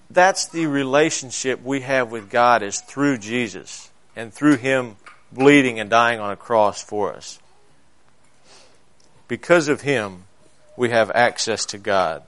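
A male pastor, preaching a sermon. He tells stories and swings between loud emphasis and quiet asides. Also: mid-range voice.

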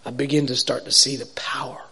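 A man giving an earnest personal faith testimony, rambling with restarts and asides to listeners, swinging between hushed near-whispers and excited loud bursts. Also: medium pitch, a little fast, breathy edge.

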